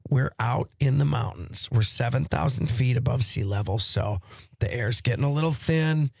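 A man from Wisconsin co-hosting a casual podcast, hoarse after losing most of his voice, but still telling stories in an animated, enthusiastic way. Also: medium pitch, normal speed, no room sound, studio quality. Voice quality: raspy, gravelly. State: hoarse, has nearly lost his voice. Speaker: podcast co-host. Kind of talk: casual chat.

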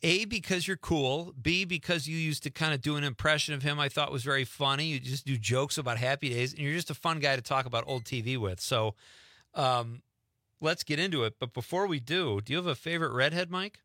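A man's voice: fairly high pitch, a little fast, pushed and bright, dry recording, clean studio sound. A man hosting a radio show in casual chat, talking loosely and laughing easily. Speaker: radio host.

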